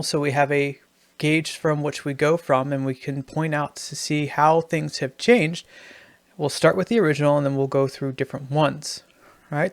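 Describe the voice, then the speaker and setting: A man with a gravelly, slightly high voice who explains writing craft in a loose tutorial style. He is recorded dry and close to the mic. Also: no echo. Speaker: writing teacher.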